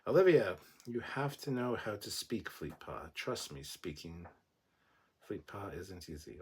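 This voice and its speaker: Husky low-voiced man chatting on a livestream. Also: lively intonation, a little slow, a little mellow. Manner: joking, chatty, rambling with restarts. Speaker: livestream host. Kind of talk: casual livestream chat, reading viewer comments.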